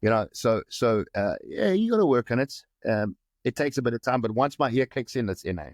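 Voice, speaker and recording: A man's voice: mid-range voice, big pitch swings, brisk, no echo, studio quality. A South African man speaking as a guest actor in a casual interview, often hesitating and restarting his words.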